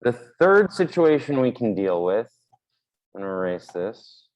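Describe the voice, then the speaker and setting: Guy teaching math at a board, relaxed explainy lecture, mid pitch. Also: measured pace, poor audio. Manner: casual, explanatory, with fillers; talks while drawing on a board.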